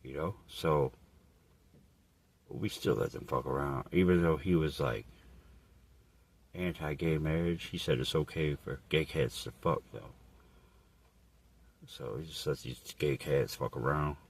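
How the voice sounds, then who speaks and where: A man telling a rambling, crude comedic story in a deadpan, profane way. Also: rumbling low, measured pace, long pauses, breathy edge. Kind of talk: absurd improvised comedic monologue.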